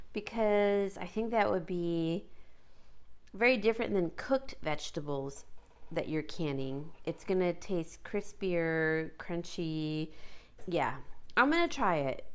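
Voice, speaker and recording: A woman narrates a home cooking how-to in her kitchen, rambling and chatty, with frequent fillers and restarts. Her voice sits a little low and sounds smooth and clear. She has the hiccups. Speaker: cooking vlogger.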